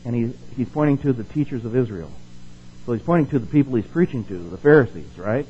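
A man explains a Bible passage in a middle-pitched, easygoing voice and keeps asking his listeners questions. He slows down and gets louder whenever he reads the verses. The recording sounds slightly muffled and lo-fi. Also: expressive, slight background noise. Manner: conversational, asks the audience questions and checks in with "okay" and "right"; slows down and rises in force to stress the scripture he reads. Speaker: preacher. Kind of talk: casual Bible teaching.

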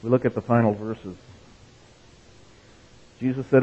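A male pastor preaching in an easy, conversational way. He reads scripture with lifted emphasis and keeps asking "right?" to draw in his listeners. The sound is narrow and phone-like, with a medium-pitched voice. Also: fairly even intonation, measured pace, pauses often. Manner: conversational, checks in with "right?" and "okay?"; reads scripture with rising emphasis, tells jokes. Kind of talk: sermon.

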